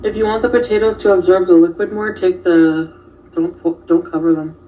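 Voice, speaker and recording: A woman's voice: on the low side, steady tone, a little fast, dark tone, distant mic, a little hiss or hum, poor audio. A woman hosting a casual livestream, reacting to viewer comments and chatting with a co-host.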